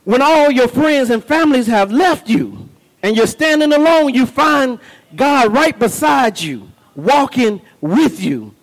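A man preaching a sermon in an emphatic, repetitive way that builds to shouts. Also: very high voice, big pitch swings, a little slow, big-room sound, low-quality recording.

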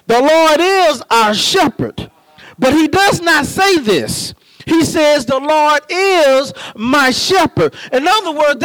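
Male preacher, very high voice, slow deliberate delivery, dry close sound, impassioned sermon. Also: dry recording, rough recording. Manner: impassioned, rising to shouts and drawn-out emphasis.

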